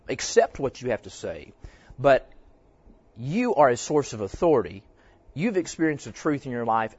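A man's voice: mid-range voice, dry recording. Brief: a conversational male church teacher, storytelling, on a dull, dry recording. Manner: conversational, tells stories, quizzes the audience. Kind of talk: teaching talk with stories.

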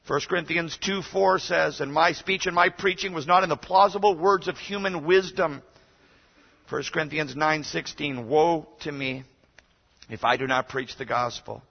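Guest preacher, male, high husky voice, exhorting hard; long-reverb chapel, muffled. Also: moderate pace. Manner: emphatic, exhorting, rising to shouts. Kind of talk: sermon.

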